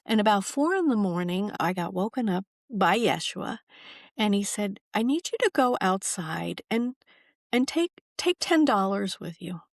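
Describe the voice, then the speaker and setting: A woman, an author appearing as a podcast guest, telling stories in a warm-hearted, emphatic way and acting out the quotes. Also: medium pitch, dry recording, studio quality. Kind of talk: conversational storytelling.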